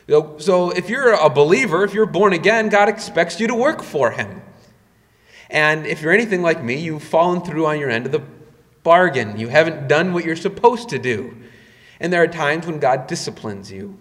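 A man's voice: animated, moderate pace, a bit bright, big-room sound. A man preaching a sermon as a pastor, with emphatic rises and drops in his delivery. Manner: emphatic preaching with sudden rises in pitch and volume.

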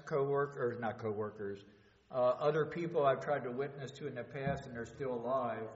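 A man preaching a sermon earnestly, stumbling now and then with fillers and restarts. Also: mid-range voice. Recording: echoey hall, dull lo-fi sound.

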